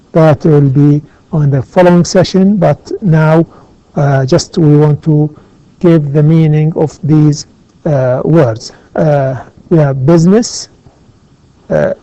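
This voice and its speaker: A male English teacher works through a grammar exercise at a very slow, deliberate pace, pausing often and glossing words in Arabic. His voice is mellow and a bit high. The recording is dull and lo-fi, with a dry, close sound. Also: no room sound. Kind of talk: classroom grammar lesson.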